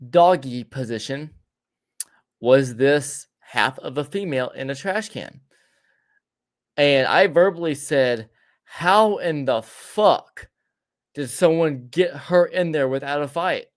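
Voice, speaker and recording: A man in a casual podcast chat, spinning a long tale at an ordinary middle pitch. He trips over words, doubles back and restarts often, and lets out a laugh here and there. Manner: laughs between lines. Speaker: podcast co-host. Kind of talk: casual spooky storytelling.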